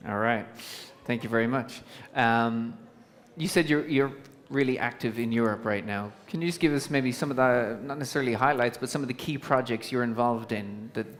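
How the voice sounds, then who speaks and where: A man's voice: medium pitch, fairly even intonation, moderate pace, few pauses. A man moderating a conference panel in a casual, chatty way. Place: conference stage in a large hall. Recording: long hall reverb from a PA.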